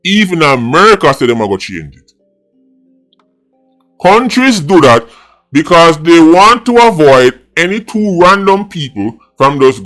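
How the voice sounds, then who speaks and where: A man's voice: fairly high pitch, fairly bright tone. A middle-aged Jamaican man with a Jamaican accent, giving a blunt, mocking monologue as a political vlogger, mixing patois and English. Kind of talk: opinionated monologue.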